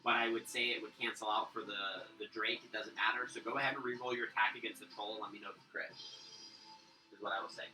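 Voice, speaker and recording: A man narrating a tabletop game as game master, animated and storytelling. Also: fairly low pitch, fast talker, faint music behind. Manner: animated storyteller, acts out monsters. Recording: roomy, distant mic.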